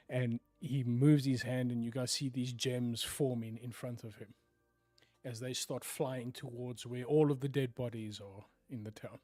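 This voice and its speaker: A man narrating a tabletop game as game master, often sinking to hushed tones for dramatic moments. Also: medium pitch, steady tone, unhurried, no echo, faint music behind.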